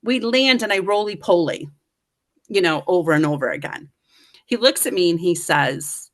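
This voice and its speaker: A woman guest in middle age telling a story with lively, self-mocking humor, acting out the voices of the people in it. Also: mid-range voice, a little slow. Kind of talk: animated storytelling.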